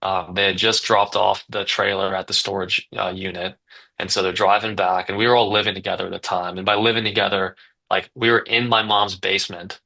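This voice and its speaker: A man's voice: low voice, flat delivery, a little fast, creaky, pushed and bright, low-quality recording. A man in his twenties, a guest telling a story in a casual podcast chat, rambling with lots of fillers and restarts. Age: 20s. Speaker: guest, business owner.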